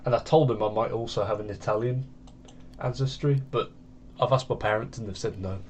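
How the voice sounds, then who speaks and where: Speaking in a brisk, lowish voice, a UK gaming channel host meanders through casual commentary while playing a video game at his home computer. There's slight background noise.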